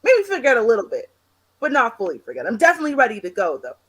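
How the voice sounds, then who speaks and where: Fairly high-voiced woman from canada, animated storyteller, chatty co-host. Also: very fast, slightly rough. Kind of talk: casual chat.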